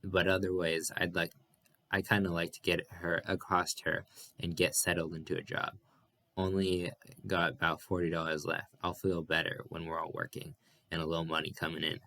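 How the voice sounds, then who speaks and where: Brief: a restless, rough-talking young farmhand, read by a man in a deep voice. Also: flat delivery, moderate pace, pushed and bright, no room sound. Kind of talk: audiobook character reading.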